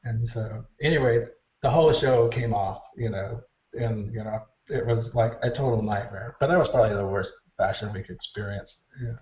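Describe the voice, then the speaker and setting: A man's voice: on the low side, normal speed. A man telling backstage stories in an interview, acting out the voices of people he quotes. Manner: animated storyteller, acts out quoted dialogue. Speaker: hair stylist guest. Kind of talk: casual storytelling interview. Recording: distant roomy mic, dull lo-fi sound.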